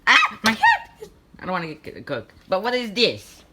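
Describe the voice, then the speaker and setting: A woman's voice: medium pitch, huge pitch swings, noisy background. A woman voicing a bossy, hot-tempered customer who hires a chef, in a put-on Italian accent, for a homemade comedy skit. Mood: indignant. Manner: blustering, quick to rant and threaten.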